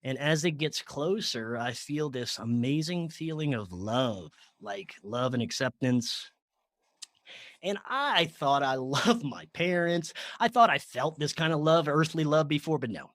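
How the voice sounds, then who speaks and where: A man guest on a podcast, telling a personal story in a casual, animated way, laughing often and filling with "like". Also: a little high, measured pace, no echo, clean studio sound.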